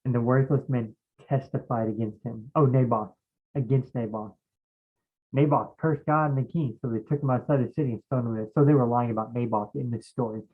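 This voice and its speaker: A man leading a relaxed Bible study, talking at a middling pitch. He rambles and thinks aloud, pausing to search his memory. The sound is narrow and muffled, like a phone line. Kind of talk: casual Bible study talk.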